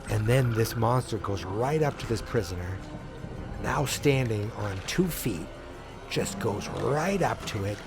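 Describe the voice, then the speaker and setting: A man with a fairly low voice hosts a podcast and retells an episode scene by scene. He talks casually and gets animated and wondering as the story builds. Music plays clearly behind him. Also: a little slow. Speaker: podcast host.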